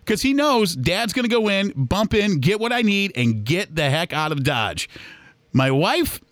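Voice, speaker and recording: A chatty man talks on his solo podcast, wandering from story to story and slipping into other people's voices. His voice sits fairly high for a man. The recording is dry and close, with no room sound. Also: very animated, unhurried, fairly bright tone, no room sound. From Michigan, US. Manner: chatty and rambling, acts out shoppers' voices. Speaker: podcast host. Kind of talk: casual solo podcast monologue.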